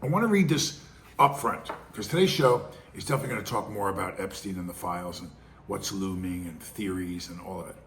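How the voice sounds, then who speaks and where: A man's voice: sits low, a little fast, fairly bright tone, slight background noise. A middle-aged man, hosting his own show with casual, rambling commentary full of restarts and acted-out quotes. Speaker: podcast host.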